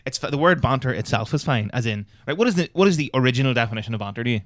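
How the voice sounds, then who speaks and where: A man's voice: medium pitch, animated, racing, a bit bright, no room sound, clean studio sound. A young man co-hosting a podcast, rambling and swearing freely in casual chat. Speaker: podcast co-host.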